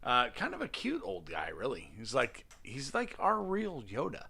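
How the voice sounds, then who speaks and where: A man in his forties hosting a casual comedy podcast, a bit tipsy, joking loosely and reading news aloud haltingly. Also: medium pitch, wildly swooping pitch, vocal fry, sharp tone, breathy edge. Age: 40s. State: tipsy from drinking. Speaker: podcast host.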